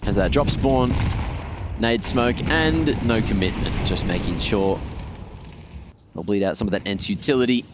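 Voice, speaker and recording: A man giving measured, tactical analysis during a live esports broadcast. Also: fairly low pitch, heavy background noise.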